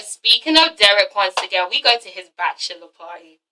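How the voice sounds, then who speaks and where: A woman recapping a TV episode in a casual vlog, excitable and profane, acting out the characters in quick asides. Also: medium pitch, low-quality recording. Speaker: TV episode reviewer.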